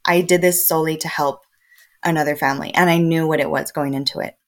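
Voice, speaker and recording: A woman in her twenties from El Paso, Texas, telling her story as a podcast guest in a lively, casual way, often laughing and acting out what other people said. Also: low-pitched, fast talker. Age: 20s. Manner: lively, often laughing, acts out quoted dialogue.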